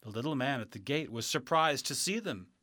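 A man narrating a children's storybook in a calm, measured reading. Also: medium pitch, no echo, clean studio sound.

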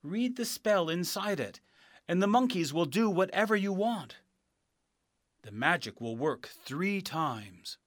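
A man voicing a crowd of cheerful little people in a storybook reading, high and eager. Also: very animated, takes it slowly, no echo, studio quality, full character voice.

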